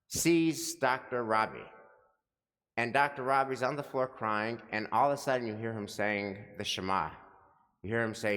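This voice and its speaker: Rabbi guy preaching, lowish voice, says stuff over and over in a rhythm, big echoey sanctuary. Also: a bit bright. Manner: rhythmic preaching with repeated phrases. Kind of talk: holiday sermon. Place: synagogue sanctuary. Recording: long reverb of a large hall.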